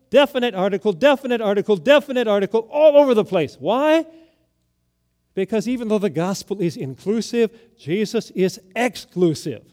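Older guy pastor giving a sermon, pretty high voice, gets loud and dramatic then drops low. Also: expressive, normal speed. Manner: emphatic, dramatic swings in pitch and volume.

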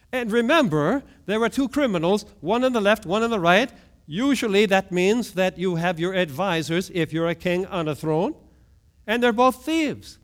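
A man preaching a sermon, moving between hushed low lines and sudden raised outbursts, often asking his listeners questions. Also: lively intonation, unhurried. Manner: asks the congregation questions. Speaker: pastor.

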